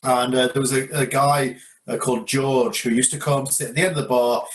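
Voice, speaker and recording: Relaxed English man telling a story. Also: medium pitch, brisk. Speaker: podcast co-host. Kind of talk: casual storytelling chat.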